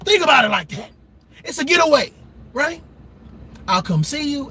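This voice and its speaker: A man doing a loud, profane comedic rant, laughing often and slipping into mock voices. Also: extremely high pitch, sing-song, moderate pace, long pauses, a little hiss or hum. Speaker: comedic commentator.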